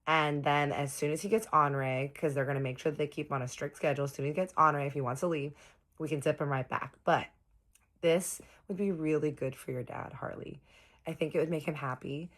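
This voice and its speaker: Woman, very deep voice, chatty storytime narrator who quotes everyone herself. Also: fairly even intonation, a little fast, fairly bright tone. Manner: chatty, quoting others in her own voice.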